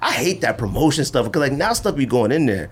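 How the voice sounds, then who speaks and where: A man hosting a casual podcast, telling a long story in an animated way and acting out the voices he quotes. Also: a little fast, husky. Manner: animated, acts out quoted voices with big pitch jumps. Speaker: podcast host.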